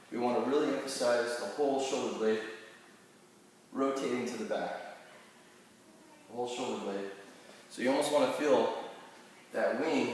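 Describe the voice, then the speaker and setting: A man's voice: mid-range voice, distant mic, slight background noise. A man, a chiropractor, talking viewers through back exercises step by step and restarting his phrases now and then. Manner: step-by-step coaching with small restarts. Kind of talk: exercise instruction. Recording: very echoey room, heard from afar.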